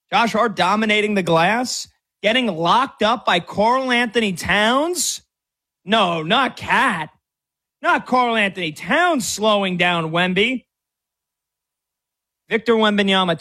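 A brash sports radio host, a man with a high voice, hammers his point home with stats and scorn. He talks straight to his listeners in a combative, mocking way. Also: fairly bright tone. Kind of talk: sports talk commentary.

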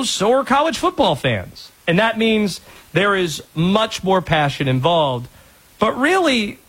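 A male sports radio host in his thirties, from North Carolina, talks in a slightly husky voice. His pitch swings widely as he tells stories. His humor is dry and sarcastic. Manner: sarcastic, animated storyteller.

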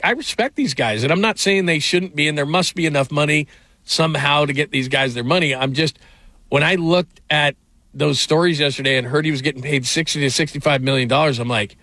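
A man's voice: a little high, a little fast, pushed and bright, no room sound. A middle-aged man hosting a sports radio show, telling stories in a loose, rambling way with fillers and laughs. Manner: rambling storyteller, frequent fillers and restarts, laughs often. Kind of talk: casual sports talk.

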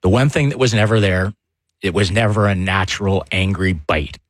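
A man co-hosting a sports talk show, telling stories in an animated way and laughing easily. His voice sits a little low. The sound is close and dry. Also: normal speed, dry recording. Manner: animated storyteller, laughs often. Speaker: sports radio co-host, former player.

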